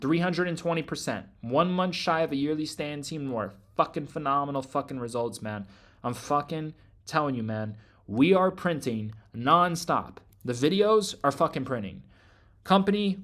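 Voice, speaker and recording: Trading group host guy ranting hyped, swears nonstop, kinda high voice, super emphatic. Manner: loud, profane and emphatic, repeating "man" and swearing constantly. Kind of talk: hyped promotional rant.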